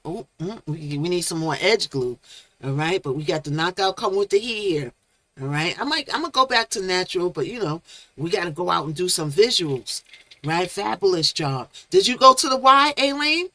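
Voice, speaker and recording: Bright-voiced chatty woman live-streaming. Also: mid-range voice, no room sound. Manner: chatty, reads chat names aloud, playful made-up words. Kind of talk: casual live-stream commentary.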